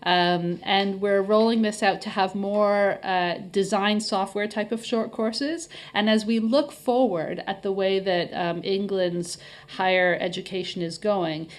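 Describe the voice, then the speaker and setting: This middle-aged Canadian woman, head of marketing, is a guest on a podcast interview. Her medium-pitched voice stays steady and a little slow, with hardly any pauses, as she explains things in a friendly way full of fillers.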